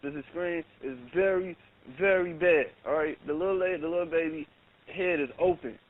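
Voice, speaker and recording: A man's voice: a little high, steady tone, normal speed. A shaken man on an emergency call, talking urgently and insistently, repeating himself. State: shaken, upset. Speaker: caller. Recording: tinny phone line with faint hiss.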